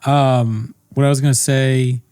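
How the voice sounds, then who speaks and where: A man's voice: mid-range voice, flat delivery, moderate pace, a little mellow, no echo, studio quality. Laughing, swearing man telling a story. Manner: rambling storyteller, swears a lot, laughs at himself. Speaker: podcast co-host. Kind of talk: casual comedic podcast chat.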